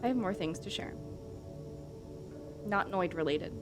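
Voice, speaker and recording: A woman's voice: fairly low pitch, a little slow, over music. A woman streamer chatting casually with her live audience, rambling along with lots of fillers and the odd swear.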